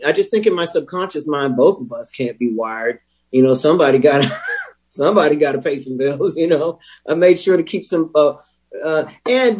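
A man telling his recovery story as a personal testimony, candid and wry, with emotional pauses. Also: fairly high pitch, a little mellow, husky, rough recording. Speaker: speaker sharing a recovery story.

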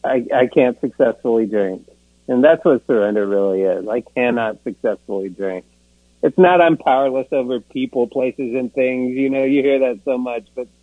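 In a dry, tinny, phone-like recording without room sound, a mid-range male voice gives a personal recovery testimony at a meeting. His telling is rambling and self-mocking, punctuated by laughter at himself and plenty of "you know."

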